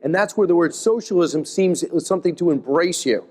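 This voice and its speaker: A man moderating a live panel, asking brisk, bantering questions. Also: high voice, a little mellow. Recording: long hall reverb.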